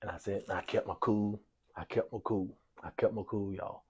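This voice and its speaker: This basketball coach has a lowish, husky voice and speaks a little fast. In a sports talk interview he tells a long story about himself, performing the conversations, going back over the same points, and throwing in "y'all" again and again.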